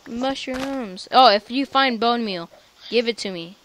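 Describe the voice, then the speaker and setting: A woman casually chatting while playing a game, playful and excitable, guiding a new player. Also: a little high, measured pace, slight background noise, low-quality recording. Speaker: gameplay host. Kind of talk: casual gaming chat.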